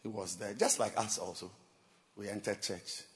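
A male pastor preaching a sermon, animated and laughing, firing rhetorical questions at the congregation. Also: lowish voice, moderate pace, in a large hall.

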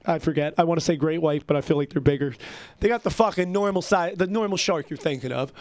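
A young man telling a rambling, excitable story into a computer mic, swearing constantly. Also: fairly high pitch, fast talker, no room sound. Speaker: vlogger. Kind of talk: casual rambling monologue. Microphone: computer mic at a keyboard.

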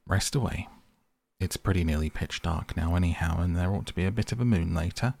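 Storybook rat, brave and kindly, deep gravelly voice, read by a man. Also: fairly quick, darkish tone. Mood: brisk. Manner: reassuring, hearty. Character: brave, good-natured male water rat.

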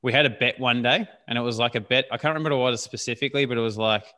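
Male podcast host, bright and crisp tone, relaxed and rambling. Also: mid-range voice, racing. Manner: relaxed, rambling, laughs along. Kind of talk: casual podcast interview.

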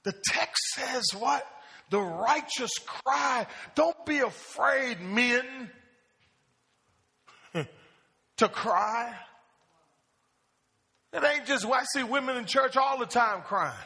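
A male pastor preaches in a church sanctuary and keeps calling on the congregation to answer him. His voice is bright and sharp. A long reverb trails behind his words in the hall. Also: very high-pitched, slow pace, pauses often. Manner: asks the congregation questions and calls for answers. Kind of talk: call-and-response sermon.

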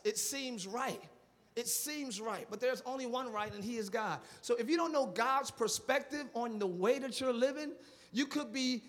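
A male pastor preaching a live sermon, animated and repetitive, asking the congregation for responses and dropping into casual slang. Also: very high-pitched. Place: church sanctuary. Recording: long reverb of a large church.

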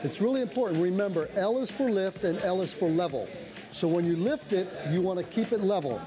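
An earnest man lays out instructions in a high, careful voice. A crowded restaurant chatters behind him in this TV clip. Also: expressive, fairly quick, crowd noise. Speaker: food historian interviewed on TV. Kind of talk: explanatory TV segment.

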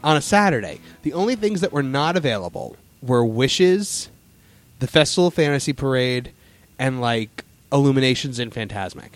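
A man hosts a casual podcast chat, rambling along with plenty of fillers. His voice sits mid-pitch, close and dry. Faint music plays underneath. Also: lively intonation, normal speed, no room sound. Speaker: podcast host.

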